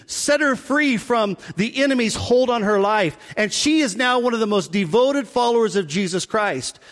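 A man preaching a sermon, telling the story in an animated way and acting out the people in it. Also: very high-pitched. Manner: animated storytelling, acts out voices. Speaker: pastor. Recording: long hall reverb.

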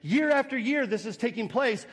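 In a sermon to his congregation, a pastor unpacks a scripture passage with lively intonation at normal speed. His voice is high and light; he uses rhetorical questions and acts out little scenes while long reverb fills what sounds like a large hall.

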